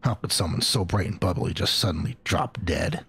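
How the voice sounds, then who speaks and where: A man doing a gravelly, grim young hero. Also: moderate pace, noisy background. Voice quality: low gravelly put-on growl. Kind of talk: voicing game dialogue in a let's play. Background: game music.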